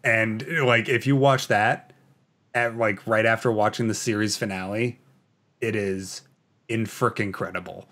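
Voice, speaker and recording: Rambling Canadian man, low voice. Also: fairly even intonation, measured pace, a bit bright. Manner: rambling, filler-heavy, enthusiastic fan talk. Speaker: podcast host. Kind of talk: casual chat, reading viewer comments.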